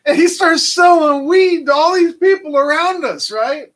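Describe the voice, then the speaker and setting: A man casually telling a long, animated story full of fillers and restarts. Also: very high-pitched, normal speed, poor audio. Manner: animated, rambling anecdote with frequent fillers. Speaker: channel host.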